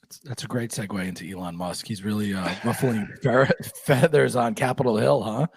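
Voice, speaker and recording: A man's voice: fairly low pitch, fairly even intonation, moderate pace, creaky, a little mellow, husky, no echo. A man co-hosting a laid-back podcast, riffing with a laugh and a curse. His voice sits close and dry, with no room sound around it. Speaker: podcast co-host. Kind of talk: casual podcast banter.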